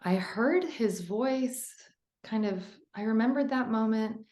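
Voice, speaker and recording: A woman's voice: on the high side, slow, a little mellow, echoey room. A woman author as a podcast guest, telling a personal story in an earnest, emotional, rambling way.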